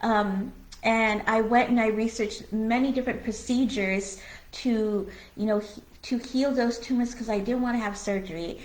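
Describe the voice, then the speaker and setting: A woman's voice: on the high side, fairly even intonation, moderate pace. Candid woman talking in an echoey room. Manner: candid and earnest, with many fillers like "you know" and "like"; blunt, with occasional swearing. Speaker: co-host of a spiritual conversation show. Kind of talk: casual spiritual conversation.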